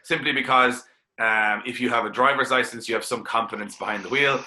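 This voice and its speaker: Bright-voiced Irish man, roomy sound. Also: mid-range voice, steady tone. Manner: opinionated, chatty, quick laughs. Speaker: guest, drifting driver. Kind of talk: casual podcast chat. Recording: roomy echo.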